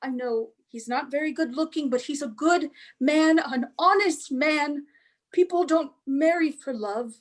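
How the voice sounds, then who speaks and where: A woman reading the part of a gentle older sister, speaking softly and reassuringly. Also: sits high, unhurried. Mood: earnest. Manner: soft, soothing, reassuring. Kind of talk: staged play reading.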